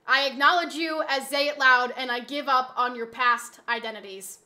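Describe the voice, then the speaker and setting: A woman streamer in casual live-stream chat, pleading dramatically with her viewers and swinging from soft begging to loud shouting. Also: sits high, fairly even intonation, normal speed.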